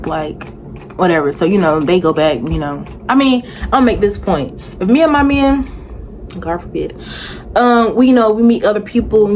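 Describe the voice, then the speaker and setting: A woman's voice: mid-range voice, low-quality recording. Sassy young woman with a faint hiss. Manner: animated, sassy, talks back at the screen with rhetorical questions. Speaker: vlogger reviewing a reality show. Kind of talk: casual chatty TV recap.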